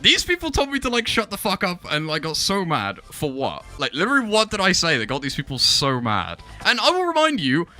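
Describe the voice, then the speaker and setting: A man's voice: high voice, huge pitch swings, a little fast, hardly any pauses, pushed and bright, faint music behind. A young man streaming live, chatting incredulously, swearing freely and laughing often. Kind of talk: live-stream reaction chat.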